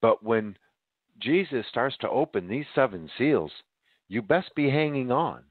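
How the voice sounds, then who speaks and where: A man's voice: mid-range voice, expressive, measured pace, dry recording, phone-quality sound. A man hosting a podcast, preaching emphatically to his listeners and sounding winded. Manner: emphatic, addresses listeners as ladies and gentlemen. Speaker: podcast host. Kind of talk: preaching monologue.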